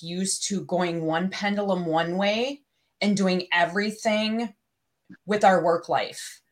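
Female interview guest from Wisconsin; slow pace, medium pitch, thinks aloud. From Wisconsin, USA. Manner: laughs easily, thinks aloud. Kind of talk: interview answers.

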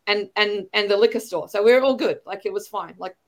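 A woman's voice: mid-range voice, brisk, slight background noise. A middle-aged woman with an Australian accent, a podcast guest talking in a rambling, chatty way with light laughs between phrases. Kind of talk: casual interview chat.

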